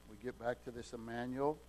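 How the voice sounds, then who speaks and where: A man preaching a sermon in a folksy, homespun way, often restarting and repeating words and swinging from soft asides to loud, emphatic peaks. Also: medium pitch, steady tone, normal speed, slight background noise, low-quality recording.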